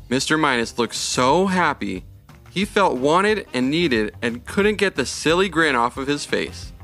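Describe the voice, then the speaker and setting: A man narrating a children's story with a bright, clear, forceful tone. He reads gently and evenly, with soft music underneath. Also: a little high, lively intonation, a little slow.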